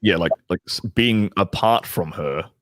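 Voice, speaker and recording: A man in casual conversation, relaxed and blunt, dropping crude asides. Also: deep voice, a little slow, no echo, studio quality. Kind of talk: casual chat.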